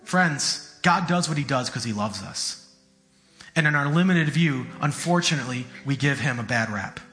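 A man's voice: mid-range voice, expressive, normal speed, sharp tone, soft background music. A man preaching a sermon in an earnest, conversational way, often repeating his words.

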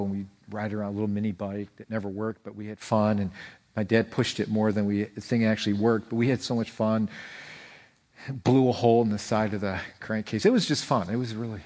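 A man with a lowish voice, a pastor, preaches a conversational sermon, telling stories with an animated delivery and frequent restarts.

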